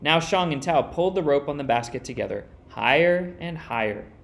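Expressive man reading a storybook aloud. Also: fairly high pitch, gravelly. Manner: expressive, dramatic pauses.

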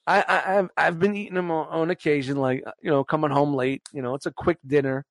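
Animated, higher-pitched man in his forties. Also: fairly quick, gravelly, dry recording. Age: 40s. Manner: animated storytelling, laughs and swears often. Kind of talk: casual chat.

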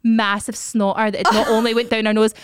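A woman, co-hosting a podcast, telling a funny story in an animated way between laughs. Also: fairly high pitch, brisk, clear, resonant tone, dry recording, clean studio sound. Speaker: podcast co-host. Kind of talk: casual chat.

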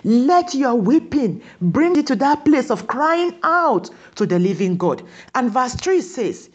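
A woman preaching a sermon, pressing her listeners with repeated questions and slowing down on key words for emphasis. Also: sits high, big pitch swings, breathy edge, muffled recording.

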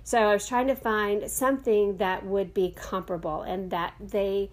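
A middle-aged woman talks through a casual yoga podcast, chatty and loose, with plenty of "uh"s and restarts. Her voice sits at an ordinary middle pitch for a woman. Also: steady tone, normal speed. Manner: chatty, rambling, with many fillers and self-corrections. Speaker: podcast host and yoga teacher.

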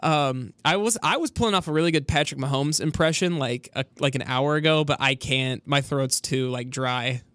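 A man's voice: mid-range voice, normal speed, few pauses, a bit bright, smooth, no room sound. A young man co-hosting a college sports radio show in casual chat, rambling through stories with lots of fillers. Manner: rambling storyteller, full of fillers.

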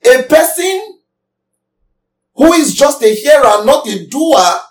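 The pastor's very high-pitched voice is extremely animated yet slow as he delivers an emphatic sermon, questioning his listeners as he teaches. The mic is far away and the room echoes.

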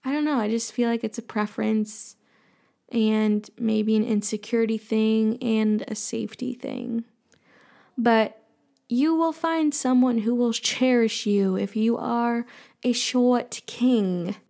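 A woman's voice: fairly high pitch, slow pace, vocal fry, dark tone. A woman hosting an advice show, casually answering listener questions in a playful, teasing way with jokey asides. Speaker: advice podcast host.

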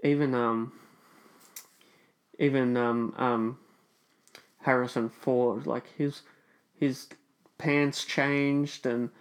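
A man chatting casually on a podcast, his voice sitting at an ordinary middle pitch. He rambles and stalls, filling gaps with "um" and "like" as he works through a thought. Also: little pitch movement, clean tone. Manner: rambling, halting with many fillers. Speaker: podcast co-host. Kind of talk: casual chat.

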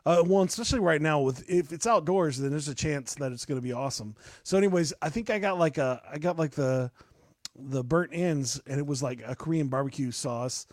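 A man's voice: fairly high pitch, brisk, darkish tone, dry recording, studio quality. A young man chatting casually as a podcast host, rambling with lots of fillers and restarts. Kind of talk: casual chat.

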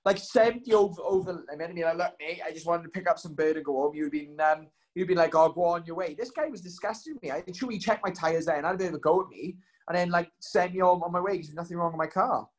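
A man's voice: a little high, quick pace. A young man telling stories in casual chat, rambling with lots of ums and likes.

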